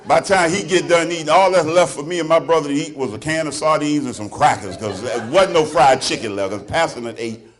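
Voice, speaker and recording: A man with a Southern drawl works the room in a stand-up set, teasing the audience in a loose, laughing way. His voice sits a little higher than most men's. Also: fairly quick. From Alabama. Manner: loose, teasing crowd work with frequent laughter. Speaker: stand-up comedian. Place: club stage before a live audience.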